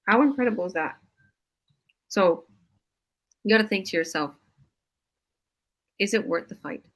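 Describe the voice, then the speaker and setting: A woman's voice: mid-range voice, expressive, measured pace, rough recording. A woman coach hosting a casual live stream over a video call, gushing with enthusiastic praise.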